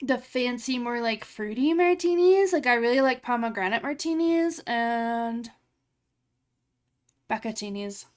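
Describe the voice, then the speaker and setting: High-voiced chatty woman streamer. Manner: chatty and rambling, with frequent "like" fillers and laughs. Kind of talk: casual chat with live chat while editing photos.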